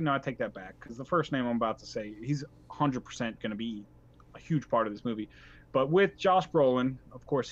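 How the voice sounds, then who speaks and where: Guy on a podcast going on and on, excited, kinda muffled lo-fi audio. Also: mid-range voice. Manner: enthusiastic, rambling, restarts often. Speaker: podcast co-host. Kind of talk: casual chat.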